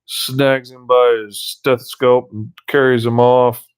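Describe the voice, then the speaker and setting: A comic artist, a man, casually narrating in a folksy, relaxed way as he inks a page. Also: medium pitch, slow pace, clear, resonant tone. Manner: folksy, relaxed commentary on his own work. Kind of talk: casual narration while inking.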